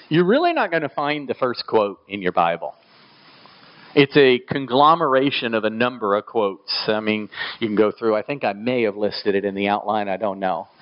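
A man preaching a sermon, reading scripture aloud and pushing his voice up for emphasis. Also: muffled recording. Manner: emphatic, rising to high pitch on quoted scripture. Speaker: pastor.

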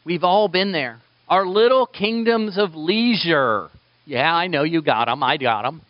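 A male pastor preaching a sermon in an animated way, acting out the voices of the people he quotes. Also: on the high side, normal speed, no room sound, lo-fi sound.

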